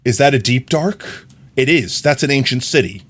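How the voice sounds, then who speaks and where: A man's voice: mid-range voice, expressive, moderate pace, fairly bright tone, husky. A young man streaming a game live, chatting casually, rambling and correcting himself, often breaking into laughter. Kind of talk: casual live-stream chat while gaming.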